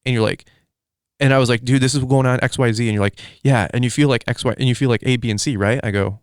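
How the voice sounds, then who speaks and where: Fast-talking rambling man host. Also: mid-range voice, clear, resonant tone, dry recording, studio quality. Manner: rambling and excitable, full of fillers like dude and like. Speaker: podcast host. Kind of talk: casual interview chat.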